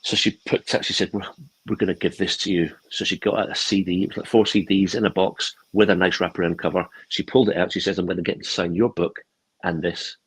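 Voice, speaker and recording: A man's voice: low voice, flat delivery, fast talker, breathy edge, poor audio. A man telling a long rambling anecdote in casual chat over a video call, with many restarts. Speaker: co-host.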